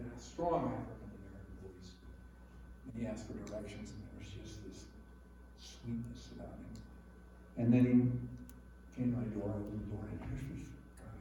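A man preaching a sermon to a room, going from quiet musing to loud emphasis. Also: mid-range voice, slight background noise. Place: large room with an audience. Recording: echoey hall, mic far off.

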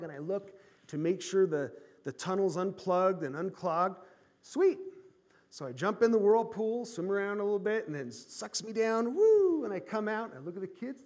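A man in his forties preaching a sermon, his voice sitting fairly high. He tells a story with animated energy, swinging from loud bursts to hushed, quiet lines. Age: 40s. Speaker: pastor.

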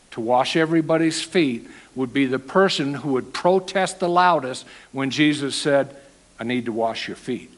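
A man preaching a sermon, animated and acting out the quoted lines. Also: mid-range voice, poor audio.

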